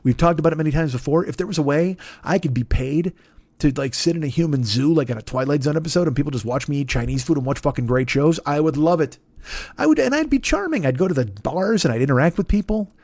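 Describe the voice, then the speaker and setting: A man's voice: fairly high pitch, quick pace, darkish tone, dry recording. A man in his fifties hosting a comedy podcast, rambling in a profane, self-deprecating monologue. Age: 50s. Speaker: podcast host.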